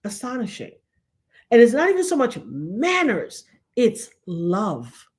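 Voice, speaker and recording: Animated woman storyteller on a livestream. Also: a little high, slow. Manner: animated storytelling, acts out quoted voices. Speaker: show host. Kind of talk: livestream commentary chat.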